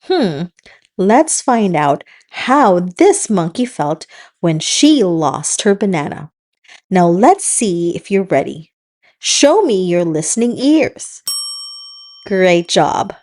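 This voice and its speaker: A woman hosting a children's read-aloud, telling the story in a slow, encouraging teacher's manner. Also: lowish voice, big pitch swings, a little mellow. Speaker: children's book reader and host.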